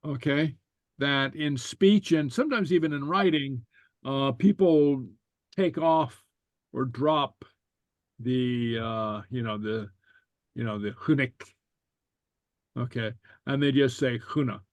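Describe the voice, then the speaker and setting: A man teaching a language class, explaining slowly and stopping often with fillers and repeated okays. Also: mid-range voice, no echo. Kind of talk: relaxed online class explanation.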